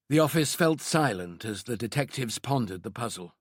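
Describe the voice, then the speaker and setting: A man narrating a crime thriller audiobook in a low, understated manner. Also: moderate pace, hardly any pauses, no room sound, studio quality. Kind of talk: scripted narration.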